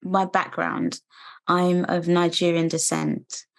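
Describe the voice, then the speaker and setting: A British woman in her thirties speaks as an interview guest, earnest and reflective. Her voice sits a little low. She talks in a measured, steady way. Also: vocal fry. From United Kingdom. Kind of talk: personal testimony interview.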